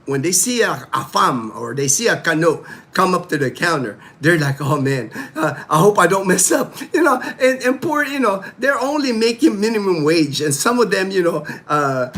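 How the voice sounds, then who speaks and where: A man's voice: sits high, fairly bright tone. A middle-aged man, hosting a casual livestream chat and rambling with many "you know" fillers. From Philippines. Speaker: livestream host. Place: home in the Philippines.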